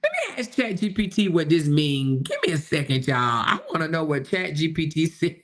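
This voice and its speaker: Reading viewer comments aloud and speaking straight to her audience, a low-voiced woman hosts casual livestream commentary. She talks at normal speed, full of excitement and exclamations.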